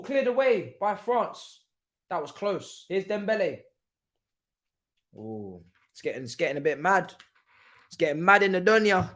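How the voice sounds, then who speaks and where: A young man hosting a live football watchalong, talking in an excitable, slangy way, laughing often and swinging from loud outbursts to quiet asides. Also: sits high. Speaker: livestream watchalong host.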